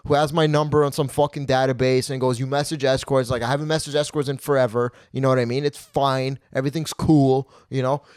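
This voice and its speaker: A man's voice: medium pitch, little pitch movement, fast, few pauses, darkish tone, clear, resonant tone, no echo, studio quality. A man hosting a comedy podcast, telling stories in a rambling, profane way and often tacking on "okay?" and "right?". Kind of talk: casual comedic storytelling.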